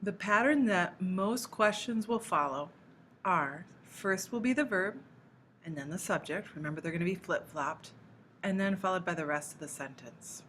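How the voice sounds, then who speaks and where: A woman teaching a recorded language lesson, explaining patiently step by step and slowing down to model example phrases. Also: fairly low pitch, fairly bright tone, slight background noise. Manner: slows down to model Spanish phrases. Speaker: Spanish teacher.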